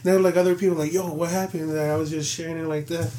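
A man's voice: on the high side, little pitch movement, rapid-fire, warm tone, slight background noise. A young man co-hosting a casual sports podcast, laid-back and filling his talk with "you know". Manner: laid-back, lots of 'you know'. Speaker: podcast co-host.

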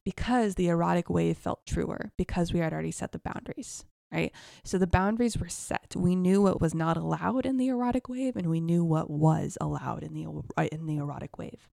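A woman's voice: lowish voice, fairly quick, creaky, warm tone, no room sound, clean studio sound. A young woman hosting a podcast, telling a personal story candidly, swearing freely and laughing between phrases.

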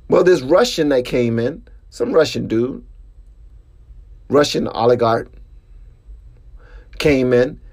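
Male podcast host, mid-pitch, casual storyteller, pitch spikes on emphasis. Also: breathy edge. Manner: animated storytelling with sudden rises in pitch. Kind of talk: casual monologue.

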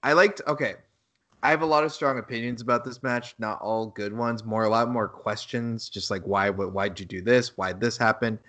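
A man's voice: mid-range voice, moderate pace, fairly bright tone. A man co-hosting a podcast, talking in a loose, rambling way with plenty of swearing, and acting out lines in a raised voice. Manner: rambling, profane, laughs at own quotes. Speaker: podcast co-host. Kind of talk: casual podcast chat.

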